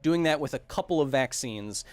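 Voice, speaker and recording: A man's voice: mid-range voice, animated, normal speed. A man hosting a science podcast, chatting casually and joking while answering viewer comments. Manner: enthusiastic, jokey, reads chat comments aloud. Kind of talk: casual livestream Q&A.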